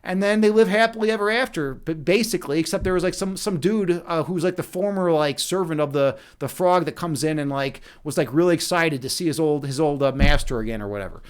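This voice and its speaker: A man with a notably high voice, hosting a live stream in a loose, rambling way. He swears a lot and keeps tossing "right?" to his viewers. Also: brisk, hardly any pauses, clear, resonant tone. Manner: rambling, profane, often asks "right?". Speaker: streamer, chess instructor and meditation guide. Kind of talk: casual live-stream chat.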